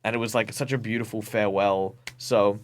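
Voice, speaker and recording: A man's voice: lowish voice, steady tone, brisk. A man with an Australian accent, a professional game master, talking over a video call as an interview guest, telling stories animatedly with many ums and restarts. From Perth, Western Australia. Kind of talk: casual interview talk.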